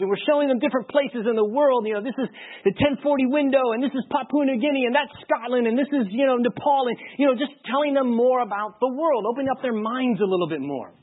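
Husky-voiced male pastor telling a story. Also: extremely high pitch. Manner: lively storyteller acting out dialogue. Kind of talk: storytelling sermon. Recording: narrow phone-like sound.

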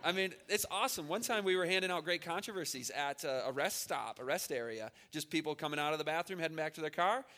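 Man, 30s, chatty seminar preacher, bright tone. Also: fairly high pitch, animated, fast, few pauses. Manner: conversational, repeats words, asks "right?". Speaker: speaker at a church family seminar. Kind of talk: informal sermon with stories.

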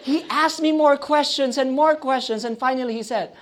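A man's voice: very high voice, fairly even intonation, normal speed, crowd noise. A man telling a testimony in a sermon, calling his listeners friends and laughing as he goes. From Philippines. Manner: storytelling, addresses audience as friends, laughs often. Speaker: preacher.

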